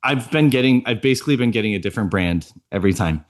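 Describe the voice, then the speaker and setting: A man's voice: lowish voice, animated, quick pace. A man co-hosting a podcast, telling a chatty story and laughing often. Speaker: podcast co-host. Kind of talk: casual chat.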